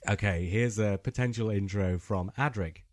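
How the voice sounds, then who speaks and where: A man from England hosts a casual podcast and reads a listener's long email aloud, now and then slipping into silly put-on voices. His voice sits fairly low. The sound is dry and close, with no room echo. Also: normal speed.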